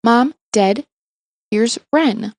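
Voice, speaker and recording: A woman's voice: fairly high pitch, drawn-out words, gravelly, a little mellow, dry recording, exaggerated voice. A smug, cooing older sister, as a woman reads her.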